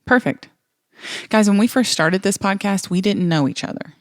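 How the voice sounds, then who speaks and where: A woman's voice: medium pitch, a little fast, no room sound, studio quality. A woman co-hosting a comedy podcast, teasing and chatty in playful banter. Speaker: podcast co-host.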